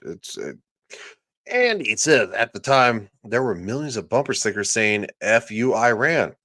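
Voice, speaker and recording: A man's voice: fairly low pitch, very animated, a little slow, a bit bright, no room sound, studio quality. A man hosting a livestream, ranting sarcastically and crudely, often reading out viewers' chat comments. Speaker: livestream host.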